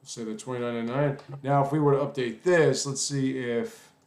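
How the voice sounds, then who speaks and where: A man's voice: medium pitch, steady tone, a little fast, a little mellow, roomy sound. A man teaching a casual coding lesson while typing, rambling, apologizing, and cursing at his own mistakes. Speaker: coding tutorial instructor.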